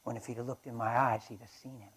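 A man preaching at a conference, telling a personal story with passion and swinging between loud and hushed delivery. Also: medium pitch, flat delivery, fast talker, husky, rough recording. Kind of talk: sermon with storytelling. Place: conference hall.

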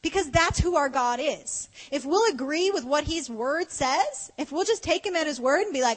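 High-pitched lady preaching at a women's conference, chatty and playful, echoing big hall. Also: expressive, normal speed, hardly any pauses. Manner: playful, conversational, acts out dialogue, frequent laughs. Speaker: conference speaker. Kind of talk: conference sermon. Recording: long hall reverb.

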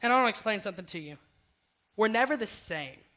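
A man's voice: sits high, animated, fast talker, bright, forceful tone, poor audio. A young man giving a casual youth sermon, informal and often asking "right?". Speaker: youth speaker.

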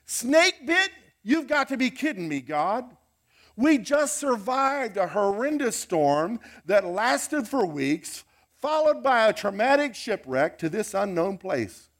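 A man's voice: high voice, very animated, slow pace, fairly bright tone, voice pushed up, full character voice. A male pastor playing a weary older apostle who is a shipwrecked prisoner, complaining in an exasperated rant. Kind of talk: sermon role-play.

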